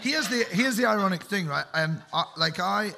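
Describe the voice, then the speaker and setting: A man, a comedian guest, telling rambling, animated stories and laughing as he goes. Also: high voice, moderate pace, vocal fry. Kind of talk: anecdotal chat.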